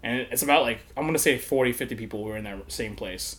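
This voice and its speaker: A man tells a long story in casual conversation and laughs through it. He acts out the voices of the people in it. His pitch sits in a middle range. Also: fast, a bit bright. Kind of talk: casual chat.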